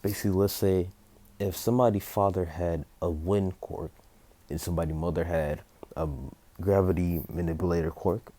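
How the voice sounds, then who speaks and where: Low-voiced man rambling through a story. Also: fairly even intonation, normal speed, mellow. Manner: rambling, full of fillers and self-corrections. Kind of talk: improvised fan-story narration.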